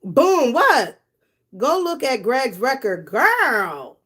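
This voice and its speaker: Brief: woman live-stream host, blunt and gossipy, swears freely, laughs a lot, a bit high-voiced, unhurried delivery. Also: big pitch swings, a bit bright, breathy edge. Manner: talks directly to her viewers. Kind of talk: casual live-stream commentary.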